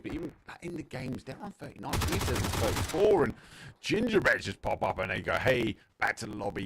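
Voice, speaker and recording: A man with an Essex accent casting live play-by-play commentary on an esports match, moving quickly between calm calling and excited bursts. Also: sits low, creaky, noisy background. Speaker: esports caster. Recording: game gunfire under the voice. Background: in-game gunshots and explosions.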